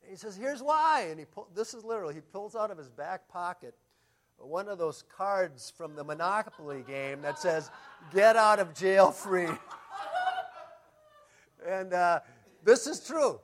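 A middle-aged man preaching in a fairly high voice, telling stories from the pulpit. He pushes key lines out loudly, then drops into quiet, confiding asides. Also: animated, measured pace, long pauses. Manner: storytelling, swings between loud emphasis and quiet asides. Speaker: pastor. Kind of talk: sermon.

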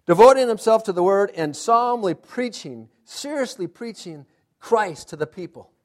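A man preaching a sermon, emphatic, asking the congregation to fill in words and dropping to hushed, intense asides. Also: high-pitched, animated, moderate pace. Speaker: pastor.

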